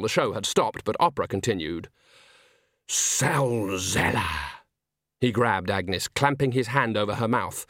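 An audiobook is narrated from a script by a man whose voice sits at medium pitch, his storytelling measured and expressive. It's studio quality, free of echo.

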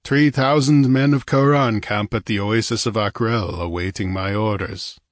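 A man voicing a calm, grim barbarian warrior. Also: fairly low pitch, normal speed, dry recording, clean studio sound, close to an everyday voice. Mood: cold, certain. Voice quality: calm, imperturbable.

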